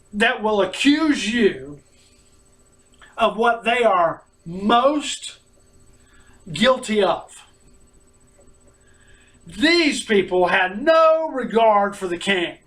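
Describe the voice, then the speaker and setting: A man's voice: high-pitched, sharp tone, recorded from a distance, poor audio. A man preaching a sermon, speaking earnestly and acting out quotes from mocking opponents.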